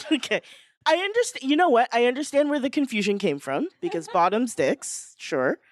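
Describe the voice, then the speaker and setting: A woman's voice: a little high, animated, normal speed, no room sound, studio quality. A woman co-hosting a live podcast panel, bubbly and teasing, laughing often. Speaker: podcast co-host.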